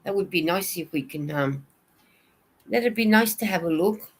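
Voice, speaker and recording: Woman, slightly low pitch, chatty livestream host, answers comments. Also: lively intonation, normal speed, breathy edge. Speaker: knitting vlogger hosting a livestream. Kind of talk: casual livestream chat.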